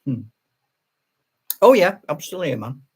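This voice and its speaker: A man's voice: a little high, big pitch swings, takes it slowly, husky. An older retired man, a channel host, chatting casually on a live stream, rambling with restarts and laughing often.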